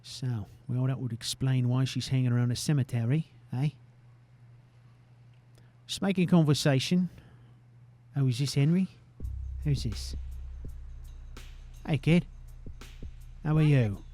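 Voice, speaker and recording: A young man talking through a video game in a loose, casual way, cursing often and ending lines with a questioning "eh?". His voice sits at a middle pitch for a man. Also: measured pace, pauses often, dark tone, faint music behind. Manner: profane, ends sentences with "eh?". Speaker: gamer. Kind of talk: casual gameplay commentary.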